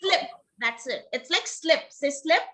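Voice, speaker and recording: A woman's voice: sits high, expressive, unhurried, pushed and bright. A woman teaching a pronunciation lesson to a class, leading drills, coaxing students to repeat words and checking in with "okay?".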